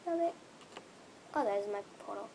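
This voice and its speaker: A young gaming creator commenting excitedly on their own play, with gushing, squealing bursts of excitement. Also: medium pitch, normal speed, gravelly, slight background noise, poor audio.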